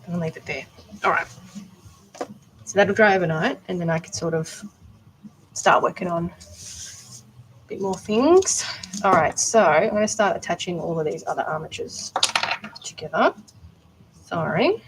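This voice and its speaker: A woman's voice: on the low side, lively intonation, unhurried, long pauses, slight background noise, rough recording. A young Australian woman chatting casually on a live stream while she builds art dolls, answering viewers' questions as she works.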